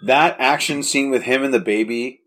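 A man's voice: medium pitch, normal speed, a bit bright. A man chatting casually about a movie, enthusiastic and often restarting his sentences.

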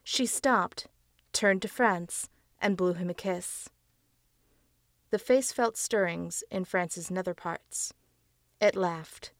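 A woman narrating a dark audiobook story in a measured storytelling voice. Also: on the low side, no echo, clean studio sound. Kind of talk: scripted narration.

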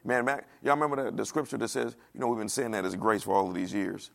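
A man preaching a sermon in a dialect, animated, asking the congregation questions and acting out the voices of the people he quotes. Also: fairly low pitch, fast, vocal fry. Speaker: pastor.

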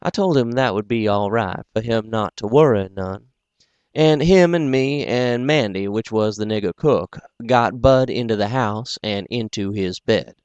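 A man with a low, smooth voice reads a book aloud at an unhurried pace. He is dry and self-deprecating, with casual pauses between phrases. The recording is close and dry. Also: darkish tone, no echo, highs cut off. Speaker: podcast host and audiobook reader. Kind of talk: casual audiobook narration.

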